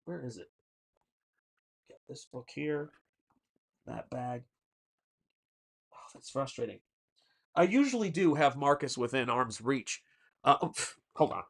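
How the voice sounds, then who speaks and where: A man's voice: mid-range voice, expressive, measured pace, gravelly, long pauses, fairly bright tone. A man with a Southern American accent hosting a casual painting livestream, rambling and reading chat messages aloud with lots of fillers. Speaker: artist and livestream host.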